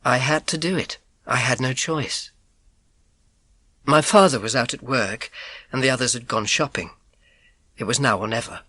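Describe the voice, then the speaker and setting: A man narrating a children's audiobook in first person, with an expressive, suspenseful telling. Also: mid-range voice, moderate pace, pauses often, breathy edge.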